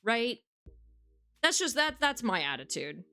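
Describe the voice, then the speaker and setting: A woman's voice: fairly high pitch, sing-song, measured pace, pushed and bright. A woman streaming a dating game, reading its text aloud and chatting casually with viewers, frank and swearing freely.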